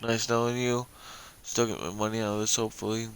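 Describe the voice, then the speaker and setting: A man casually playing a story game, reading its dialogue aloud with relaxed, offhand asides. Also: fairly low pitch, fairly quick, clear, resonant tone. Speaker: gamer voicing a story game. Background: game music.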